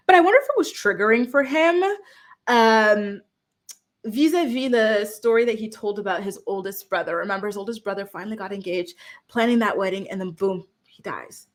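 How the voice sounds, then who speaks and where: A woman hosting a reality TV recap, talking casually to camera in an animated, chatty way and acting out what people said. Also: mid-range voice. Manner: animated, chatty, acts out quotes with lots of "like".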